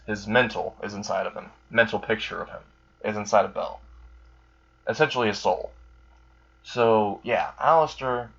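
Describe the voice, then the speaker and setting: A man improvises a fan story as he goes, rambling with fillers and the odd curse. His voice is low and husky. The recording sounds dull and lo-fi. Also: fairly bright tone. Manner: rambling, casual, with fillers and swearing.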